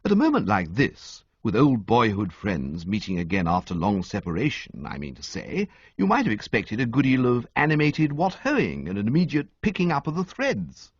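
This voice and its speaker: A man narrating a comic audiobook with an expressive, sweeping storytelling delivery, on a dull, dry recording. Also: medium pitch, normal speed, few pauses, husky, no room sound.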